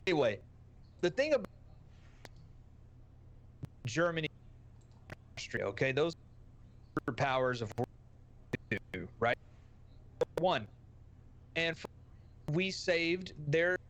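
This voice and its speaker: A man with a Texan accent, a streamer guest telling a brash, profane, joking story on a podcast. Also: medium pitch.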